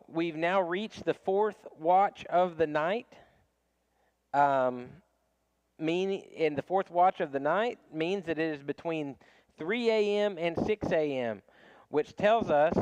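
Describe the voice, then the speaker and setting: A man's voice: fairly high pitch, darkish tone, clear, resonant tone, dry recording, dull audio. A man teaching a casual Bible study class, talking conversationally with frequent restarts and small chuckles.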